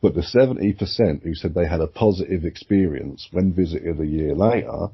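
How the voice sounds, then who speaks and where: A man with a very low, husky voice, talking in a relaxed, rambling podcast chat. He swears constantly and gets animated as his theories build. The sound is dull and lo-fi. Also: a little fast. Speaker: podcast co-host. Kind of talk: casual chat. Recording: muffled lo-fi sound.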